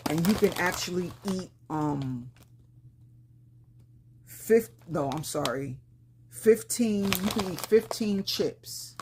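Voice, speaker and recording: A woman in her fifties from Brooklyn, New York, with a Brooklyn accent and a rough, slightly raspy voice, chatting casually to viewers about a shopping haul in a plain-spoken way with slang. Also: sits low, background noise. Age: 50s. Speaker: lifestyle vlogger.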